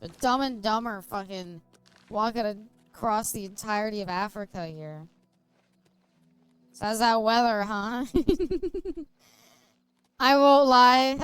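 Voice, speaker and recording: A woman's voice: a little high, clean tone. A woman streaming a game and chatting casually, giggling often and swearing freely. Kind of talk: casual gaming stream chat.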